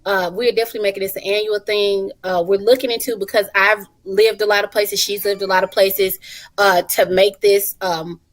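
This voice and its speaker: A woman in her thirties, a guest on a talk show, telling stories in a lively, colloquial and expressive way. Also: mid-range voice, normal speed. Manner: animated, expressive storyteller, colloquial. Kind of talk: casual talk-show chat.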